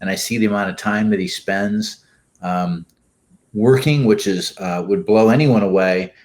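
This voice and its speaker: A man's voice: on the low side, moderate pace, a little mellow. An older man, a guest in an interview, talking casually with many restarts and fillers.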